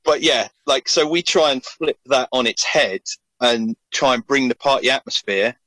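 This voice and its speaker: A man's voice: medium pitch, moderate pace, bright, forceful tone, no room sound, rough recording. A man with a South London accent, a band member chatting in a dry, joking way during an interview. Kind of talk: casual interview chat.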